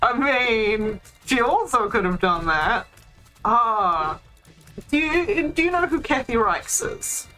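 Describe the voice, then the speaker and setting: Bright-voiced woman chatting over gameplay. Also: on the high side, very animated, takes it slowly, faint music behind, low-quality recording. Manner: chatty, laughs easily, lots of ums. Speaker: co-commentator. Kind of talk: casual gameplay chat.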